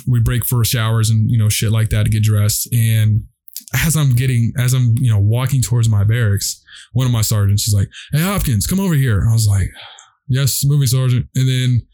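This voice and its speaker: A man's voice: medium pitch, normal speed, mellow. A young man telling a rambling, profane story in a casual chat with friends, full of fillers.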